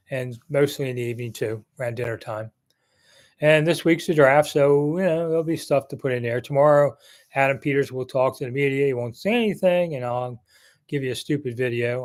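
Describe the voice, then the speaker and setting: A man in his sixties hosting a sports live chat, answering viewers in a rambling, chatty way with jokey asides. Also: medium pitch. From Maryland area. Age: 60s. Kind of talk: casual live-stream chat.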